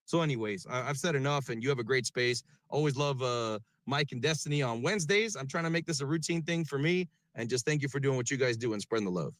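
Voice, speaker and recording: A man's voice: medium pitch, quick pace, hardly any pauses, no echo. A man speaking in a live audio chat, earnest and heartfelt, stumbling over restarts. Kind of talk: casual heartfelt talk.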